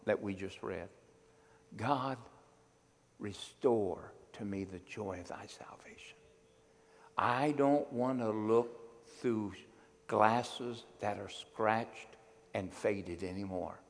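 A man's voice: on the low side, in a large hall. A male pastor praying fervently from the pulpit, drawing out his pleading phrases. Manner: fervent, drawn-out pleading prayer. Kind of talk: sermon and prayer.

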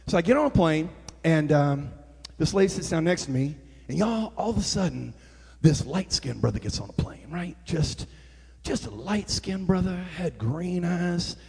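A man preaching a comic sermon, telling stories in a chatty way that builds to shouting. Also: a little high, lively intonation, moderate pace, vocal fry, husky, long reverb tail.

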